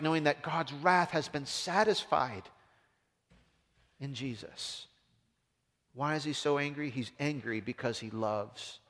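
A man preaching a sermon as a pastor, impassioned, swinging from loud emphasis down to hushed, low tones. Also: a little slow. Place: church. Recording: long reverb of a large hall.

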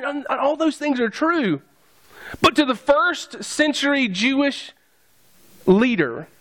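A man's voice: very high voice, fairly bright tone. A man preaching a sermon, conversational and joking with his congregation. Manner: conversational, jokey asides to the congregation. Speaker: pastor.

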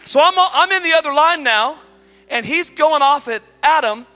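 A man preaching a sermon, telling a story in an animated way and shouting at the high points. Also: moderate pace. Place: church hall. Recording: large hall reverb with faint music.

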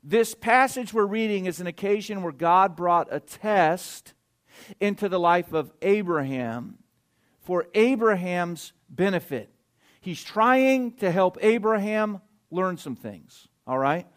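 A man preaching with a fairly high voice, driving his points home with sudden loud stresses. He drops into quiet, confiding asides and keeps checking in with the congregation as he reads and explains scripture. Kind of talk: sermon with scripture reading.

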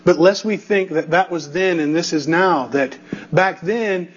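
A man's voice: a little high, unhurried, husky, muffled recording. A male pastor preaching an expository sermon, emphatic and building through repetition, checking in with the congregation.

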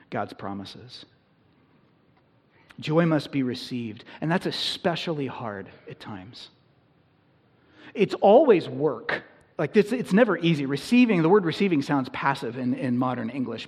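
A man's voice: on the high side, slightly rough. A man preaching a sermon to his congregation in a church, in an earnest, conversational manner that builds in intensity. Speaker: pastor. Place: church sanctuary.

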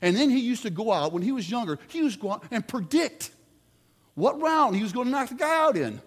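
A man preaching a sermon, telling sports stories with lively swings between loud outbursts and quiet asides. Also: very high voice, brisk, long reverb tail.

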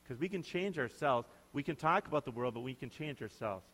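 A man's voice: mid-range voice, animated, brisk, fairly bright tone. A male pastor preaching a sermon in a conversational, emphatic way, often putting questions to his listeners. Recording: long hall reverb.

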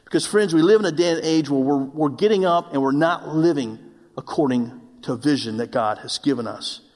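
Brief: male pastor, fairly high voice, self-mocking storyteller turning earnest, long hall reverb of a church. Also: brisk, a little mellow. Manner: earnest preaching to a congregation. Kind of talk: sermon.

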